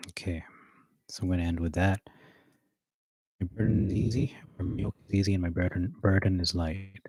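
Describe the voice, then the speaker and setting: A man rehearsing a sermon, reading scripture aloud and pausing with fillers and self-corrections. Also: low voice, flat delivery, a little mellow, dry recording. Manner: reads verses aloud, with hesitant fillers and self-corrections between. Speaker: preacher.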